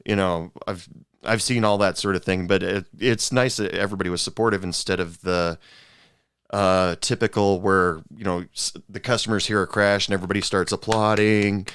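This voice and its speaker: Podcast host guy, lowish smooth voice, dry close mic, lots of uhs. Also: dry recording. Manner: relaxed, halting, many fillers and restarts. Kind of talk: casual chat.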